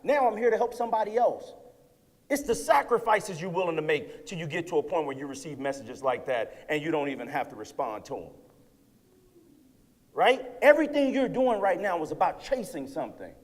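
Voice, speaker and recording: A man in his thirties giving an energetic motivational keynote to students, often checking in with "right?". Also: fairly high pitch, fairly quick. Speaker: keynote speaker. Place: lecture hall with audience. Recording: long hall reverb.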